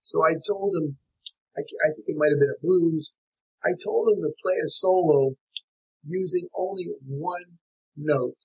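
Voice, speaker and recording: Man, husky voice, slightly high pitch, jazz teacher, reflective interview talk, fillers and restarts. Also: a little slow, a little mellow, low-quality recording. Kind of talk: relaxed interview conversation.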